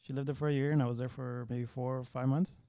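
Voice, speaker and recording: A man from Venezuela, a guest on a casual podcast, answering briefly in a relaxed way. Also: mid-range voice, fast, dry recording.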